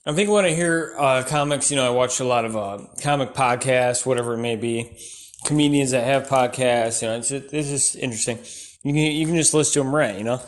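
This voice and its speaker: A man doing stand-up comedy, rambling from bit to bit and breaking into shouty rants. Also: mid-range voice, brisk.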